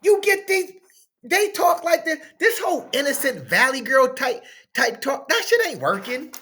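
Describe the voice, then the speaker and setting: A reaction host speaking talks over a clip, cursing freely. His voice leaps all over the place, sinking to low mutters and then jumping up into high shouts. The style is loose, casual commentary. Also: very animated, moderate pace. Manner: loud, swinging from mutters to shouts, profane.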